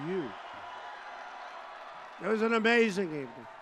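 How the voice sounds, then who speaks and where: Older male candidate, high-pitched, punchy and boastful rally oratory, heard in a big reverberant hall. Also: sing-song, unhurried, background noise. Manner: emphatic, repetitive, boastful crowd oratory. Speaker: political candidate addressing a rally. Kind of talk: rally speech. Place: large rally venue.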